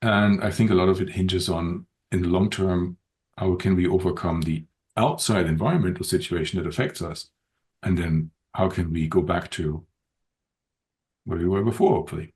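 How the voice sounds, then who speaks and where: A man speaking as a podcast guest in an unscripted conversation, thoughtful and measured, with frequent pauses and restarts. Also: sits low, fairly even intonation, darkish tone. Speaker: podcast guest, open-source community director.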